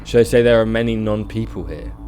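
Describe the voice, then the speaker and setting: A man's voice: darkish tone, a little hiss or hum, close to an everyday voice. A man doing a creepy pale old visitor. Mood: ominous. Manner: slow, low, ominous questioning. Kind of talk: video game voice acting.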